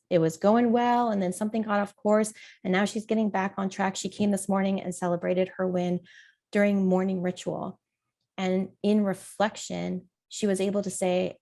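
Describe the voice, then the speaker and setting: Middle-aged woman doing a solo parenting podcast, earnest and encouraging, voice not high or low. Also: gravelly, warm tone. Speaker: parent coach and podcast host.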